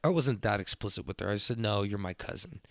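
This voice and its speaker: A young man, hosting a podcast as a rambling, profane monologue that gets louder when he is worked up. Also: lowish voice, fast talker, no room sound. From Texas. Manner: profane, loose and excitable, swings up when worked up. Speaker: podcast host.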